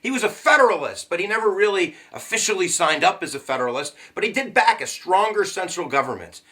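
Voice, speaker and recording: Male history teacher, high bright voice, playful and slangy delivery. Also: fast. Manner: jokey, slangy and animated, with sudden asides. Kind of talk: casual history lesson.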